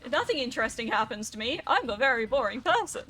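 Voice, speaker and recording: A woman's voice: on the high side, expressive, fast, pushed and bright. A young woman, chatting casually and swearing now and then while she streams a video game. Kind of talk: casual rambling while gaming.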